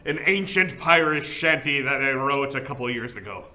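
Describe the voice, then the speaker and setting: A man at a comedy show putting on a gruff old pirate voice to introduce and sing a shanty. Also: mid-range voice, animated, normal speed, lightly acted. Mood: piratey. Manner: gruff pirate talk, then sung shanty. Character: growling old pirate songwriter.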